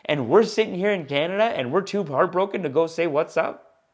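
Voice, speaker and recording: A man hosting his own podcast as a comedian, rambling in a casual, animated monologue aimed straight at his listeners. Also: high-pitched, fast talker, muffled recording.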